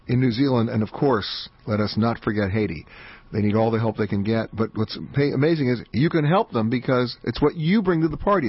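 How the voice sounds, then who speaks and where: Fast-talking male radio host, husky. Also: mid-range voice, no echo. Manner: emphatic, chatty, quick asides. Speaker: radio travel show host. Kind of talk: fast radio call-in talk. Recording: dull band-limited radio audio.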